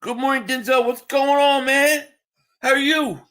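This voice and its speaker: A man's voice: extremely high pitch, steady tone, unhurried, sharp tone. A man hosting a live stream, chatting casually and answering viewers' comments while tired from just waking up. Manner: reads chat aloud and answers viewers, with restarts.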